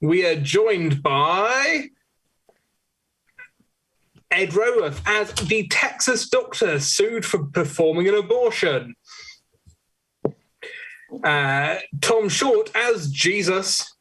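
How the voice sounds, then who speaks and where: A high male voice hosting a live comedy panel show. He speaks slowly and stumbles over his words, mocking himself as he goes. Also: expressive, sharp tone, slight background noise, rough recording. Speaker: quiz show host.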